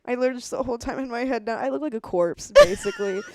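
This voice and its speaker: A woman's voice: on the high side, lively intonation, very fast, a loud crowd. A young woman, a guest musician, telling a story in casual chat, laughing often and acting out her own lines.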